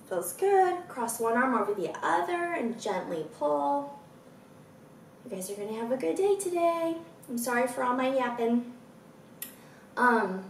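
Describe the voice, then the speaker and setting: This fitness instructor, a woman in her thirties, has a fairly high voice with a scratchy, froggy throat. She guides listeners through stretches and adds chatty, encouraging asides between cues, recorded far from the mic in an echoey room.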